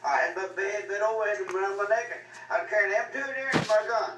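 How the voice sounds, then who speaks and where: A man's voice: high voice, fast talker. An older man, telling rambling folksy stories in a loose, drawling way. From Arkansas. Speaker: storyteller. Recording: echoey, mic far off, faint noise.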